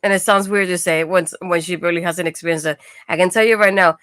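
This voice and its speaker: A woman hosting a casual wrestling recap, chatty and quick to laugh, with lots of fillers like "like". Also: fairly low pitch, fairly even intonation, fairly bright tone, clean tone, dry recording, studio quality. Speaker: podcast host.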